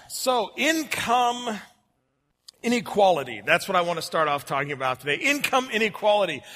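A man delivers a Sunday sermon to his church in a fairly high voice. His tone is bright and forceful, and he keeps it friendly with jokes. He slows right down on key phrases. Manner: friendly, joking, varies pace for emphasis. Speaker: preacher.

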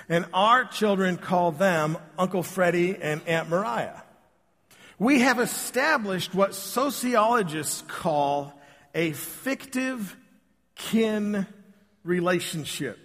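A man's voice: high-pitched, fairly bright tone. Man preaching in a reverberant church. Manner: casual, joking, addresses the congregation directly. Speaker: pastor. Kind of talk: conversational sermon with storytelling. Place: church sanctuary.

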